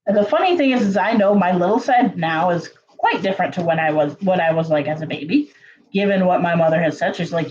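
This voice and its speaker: Chatty woman vlogger, slightly muffled sound. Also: a little fast. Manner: chatty, full of "like" and "you know", lively pitch jumps. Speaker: channel host. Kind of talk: casual storytelling to camera.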